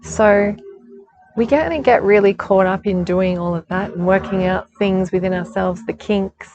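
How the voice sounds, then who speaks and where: Lady doing a spiritual reading outside, kinda gravelly, low, dull lo-fi sound w faint background hum. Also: unhurried, darkish tone. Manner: chatty, laughs often, reassuring. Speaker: spiritual guidance reader. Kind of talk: casual spiritual forecast talk. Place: outdoors.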